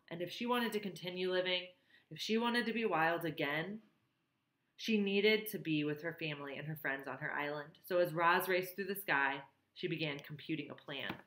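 A woman reading a children's novel aloud in an expressive, emotional way. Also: deep voice. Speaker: reader. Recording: roomy echo.

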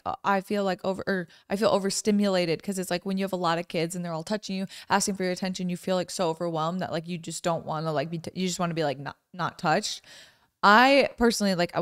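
Smooth-voiced young woman chatting. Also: fairly low pitch, fairly bright tone, no room sound, clean studio sound. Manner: rambling, many "like" fillers. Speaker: podcast co-host. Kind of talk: casual couple podcast chat.

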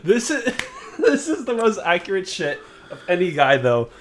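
A man's voice: high-pitched, wildly swooping pitch, normal speed, background noise. A young man giving casual, profane gameplay commentary. He laughs often and acts out quoted lines. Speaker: let's play co-host.

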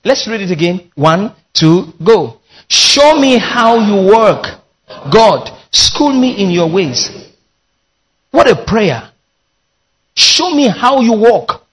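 A man's voice: high-pitched, big pitch swings, slow pace, fairly bright tone, husky. A man preaching a sermon as pastor, leading his congregation in call-and-response with emphatic delivery.

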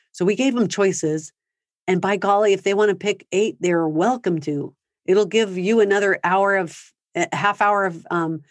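A woman's voice: mid-range voice, no room sound. A woman presenting a parenting seminar over a video call, talking conversationally and acting out sample phrases for parents. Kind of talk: live online seminar talk. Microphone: video call microphone.

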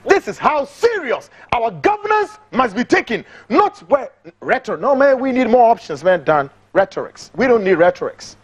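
A man's voice: very high-pitched, sing-song, normal speed, husky. A man with a Ghanaian accent giving impassioned political commentary, emphatic and repetitive, mixing English and Twi.

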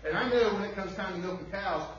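A man's voice: high voice, fast talker, fairly bright tone, a little hiss or hum. A man preaching an emphatic sermon as pastor, firing off rhetorical questions to the congregation. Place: church sanctuary. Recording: distant, muffled, very echoey room.

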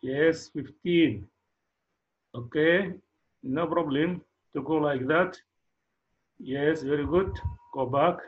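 Guy teaching kids math, talks real slow, keeps saying very good, kinda muffled lo-fi audio. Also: on the high side. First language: Arabic. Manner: slow, encouraging, repeats praise, non-native English phrasing. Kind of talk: classroom math lesson.

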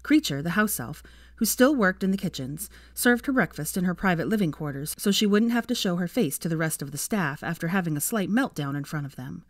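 A woman with a low voice narrates a story aloud, expressive and measured. Her pitch moves lively up and down. The sound is dry and close, with no room echo. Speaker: fanfiction reader.

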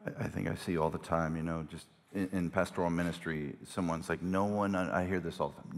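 A man pastor preaching a sermon from a church stage, animated and emphatic, often repeating phrases for effect. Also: lowish voice, brisk, few pauses. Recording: long hall reverb of a church.

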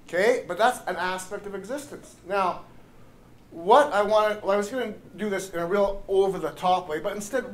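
A man teaching a live group as a spiritual workshop leader, talking in an animated, playful way and often laughing. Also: high-pitched, poor audio.

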